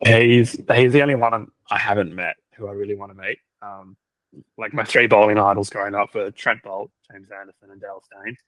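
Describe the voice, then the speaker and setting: A young man chatting casually, telling stories loaded with "like" fillers and quick laughs. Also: on the low side, fairly even intonation, a bit bright, no room sound, poor audio. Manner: storytelling, lots of "like" fillers, laughs often. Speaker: cricket team videographer. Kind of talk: casual podcast chat.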